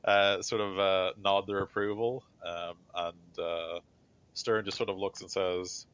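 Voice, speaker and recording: A man narrates a tabletop role-playing game as game master, rambling loosely with many fillers. His voice is low, and the recording sounds dull and lo-fi. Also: fairly even intonation, measured pace, a bit bright, clear, resonant tone.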